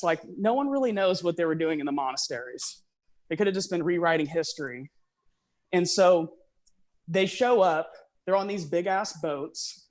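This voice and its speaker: A man's voice: on the high side, no echo. A man talking casually on a call, rambling with lots of fillers and restarts, a little out of breath from walking. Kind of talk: casual conspiracy chat.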